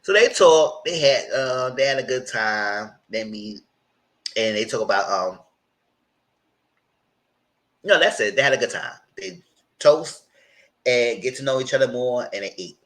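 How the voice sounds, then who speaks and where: A man's voice: lively intonation, unhurried, pauses often, a bit bright, low-quality recording. Chatty man recapping reality TV. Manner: chatty and conversational, breaks into high mock voices when quoting. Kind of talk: casual recap commentary.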